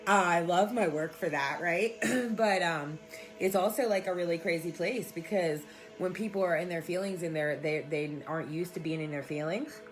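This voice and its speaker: A woman's voice: fairly low pitch, moderate pace. Woman, spiritual coach on a casual live stream. Blunt, profane and affectionate, with faint music underneath. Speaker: spiritual coach and sound healer. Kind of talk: casual live-stream chat, answering viewers. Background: soft background music.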